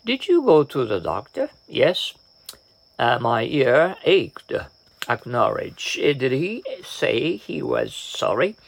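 A man works slowly through practice dialogues for vocabulary, taking both parts himself. His pitch swings widely, and a gravelly fry creeps into his voice as he hesitates and restarts. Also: sing-song. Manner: hesitant, frequent "uh" fillers and restarts; reads both sides of each dialogue. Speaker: language practice reader. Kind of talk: reading example dialogues aloud.

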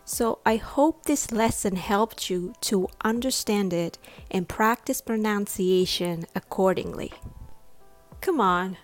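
A woman teaching English pronunciation, modelling words slowly with exaggerated stress and repeating each one. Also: mid-range voice, no echo, faint music behind. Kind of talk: slow deliberate pronunciation lesson.

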